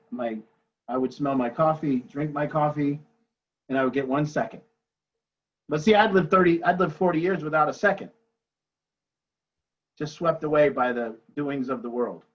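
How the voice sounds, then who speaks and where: Reflective recovery group leader, man, husky voice, dull lo-fi video call sound. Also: mid-range voice. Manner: reflective, repeats "you see?". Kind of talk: spiritual recovery talk.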